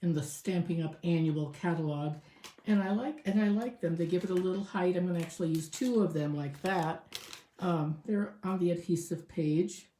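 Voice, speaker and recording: A woman's voice: fairly low pitch, moderate pace, dark tone, echoey room. A woman showing a craft step by step in a casual tutorial, chatting and thinking aloud as she works. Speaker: crafting demonstrator.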